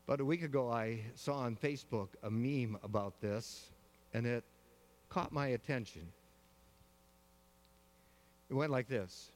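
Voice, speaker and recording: Pastor preaching in a reverberant hall. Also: male voice, medium pitch. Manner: measured storytelling with slow, weighty pauses. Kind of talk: sermon.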